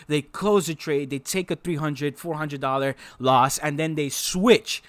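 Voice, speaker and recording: A man explaining trades in a casual, emphatic lesson, repeating key phrases to drive them home. His voice sits a little high for a man and sounds dry and close. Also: normal speed, few pauses, clear, resonant tone, no room sound. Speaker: trading instructor. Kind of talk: casual teaching over a chart.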